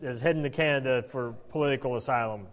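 A man teaching a conversational Bible lesson with animated, wry asides and frequent stammered restarts, in a reverberant hall. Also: mid-range voice, fast.

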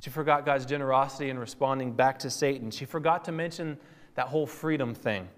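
A man's voice: medium pitch, fairly even intonation, a little fast. A man teaching a sermon in a conversational, teacherly way, with fillers and self-corrections. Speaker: Bible teacher. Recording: long hall reverb.

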